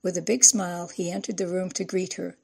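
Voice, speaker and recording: A woman reading a novel aloud in a measured, even storytelling voice. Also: on the low side, creaky, slightly rough. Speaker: narrator. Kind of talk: audiobook narration.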